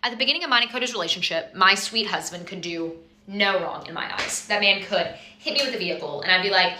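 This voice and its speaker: A woman's voice: mid-range voice, fast, roomy sound, noisy background. A young woman doing a comedic rant to camera, exasperated and emphatic, swearing for effect. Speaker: comedy video creator.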